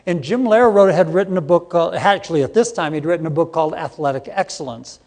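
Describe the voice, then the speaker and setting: Talking fast in a slightly high, slightly mellow voice, a middle-aged presenter delivers a live training seminar. He jokes and quizzes the audience interactively, and the conference hall leaves a long reverb on everything.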